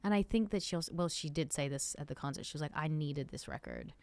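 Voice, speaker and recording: Woman podcast host, Australian-American accent, animated, casual swearing, lowish voice, dry close sound. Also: fast, dry recording. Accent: Australian with American mix. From South Africa. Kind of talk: casual interview chat.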